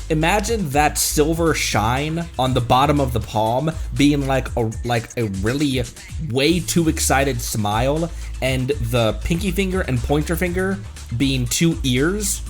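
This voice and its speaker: A man's voice: on the high side, animated, takes it slowly, soft background music. A man from Colorado streaming a game at home, stuffy from a cold, who rambles, laughs a lot and pokes fun at himself in casual chat. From Colorado, United States. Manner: rambling, self-mocking, laughs often. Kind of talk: casual live-stream chat over gameplay.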